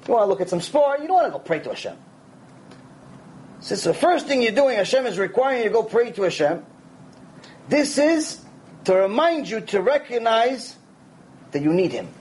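A man giving a conversational Torah lecture, animated and acting out quoted voices along the way. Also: extremely high pitch, normal speed, long pauses. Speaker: rabbi.

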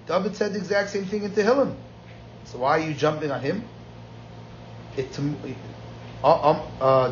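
A man's voice: fairly high pitch, animated, normal speed, pauses often, lo-fi sound, slight background noise. A man teaching a Talmud class, telling the story with energy and switching between Aramaic quotes and plain English. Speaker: Talmud lecturer.

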